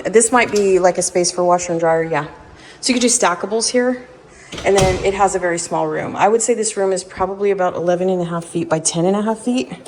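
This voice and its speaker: A woman chats her way through a walk-through of an empty house, her voice sitting at an ordinary middle pitch. She thinks aloud, hedges her guesses, and keeps a relaxed, conversational tone. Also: a little hiss or hum. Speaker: vlogger giving a house tour. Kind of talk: casual walk-through narration.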